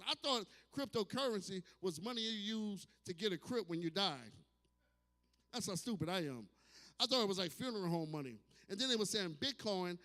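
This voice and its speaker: Brash, profane man in his fifties, club reverb. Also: sits high. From New Orleans, USA. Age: 50s. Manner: loud, brash and profane, with sudden shouts and acted asides. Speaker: stand-up comedian. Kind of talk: stand-up comedy set. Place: distillery bar with live audience. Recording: hall reverb from a club room.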